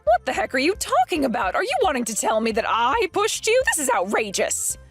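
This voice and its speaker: A woman voicing an indignant, accusing middle-aged mother-in-law in an animated story drama. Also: high voice, brisk, soft background music, exaggerated voice.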